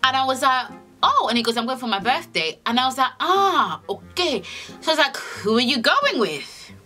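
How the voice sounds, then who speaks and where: Animated sassy young woman. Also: sits high, a little fast, faint music behind. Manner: animated and sassy, heavy swearing, acts out dialogue. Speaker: vlogger. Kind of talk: storytime vlog.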